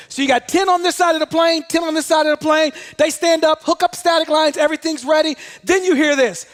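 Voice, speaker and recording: Male motivational speaker, high-pitched, lively storytelling, long hall reverb. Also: a little fast, few pauses. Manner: animated storyteller, shouts out quoted commands. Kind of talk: motivational talk telling a personal story.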